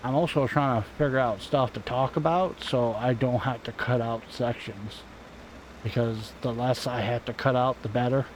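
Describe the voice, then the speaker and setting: A man talking loosely and offhandedly into a home desk mic as he plays a game. His pitch is ordinary for a man, and his talk drifts from topic to topic with the odd swear word. A faint noise runs underneath. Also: steady tone, normal speed, low-quality recording. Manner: rambling, offhand and self-deprecating, swears casually. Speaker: gaming channel host. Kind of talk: casual gameplay commentary. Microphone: desk microphone at home.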